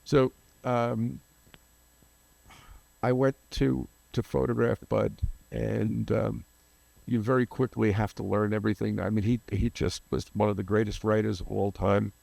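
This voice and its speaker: A man's voice: on the low side, level tone, a little slow, vocal fry, a little mellow, dry recording. An older man, a photographer guest, telling long rambling anecdotes in an interview, often losing names and restarting.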